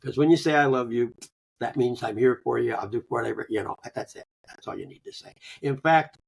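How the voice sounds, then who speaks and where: An older man telling personal stories in a folksy, conversational way, often chuckling and trailing off softly. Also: medium pitch, a little fast, slight background noise. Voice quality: gravelly, husky. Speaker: guest, grief author. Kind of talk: conversational interview.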